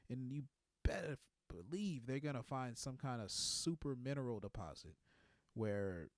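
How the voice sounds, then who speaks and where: A man's voice: medium pitch, darkish tone, no room sound, studio quality. A man in his twenties doing a rambling comedic monologue, laid-back and tagging his lines with "man". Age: 20s.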